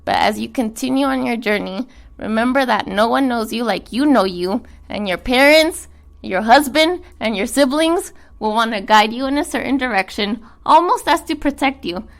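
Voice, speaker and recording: A woman's voice: fairly high pitch, animated, normal speed, gravelly. A young adult American woman getting over a cold, reading a personal letter aloud and chatting frankly as podcast co-host. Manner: earnest, frank, swears casually.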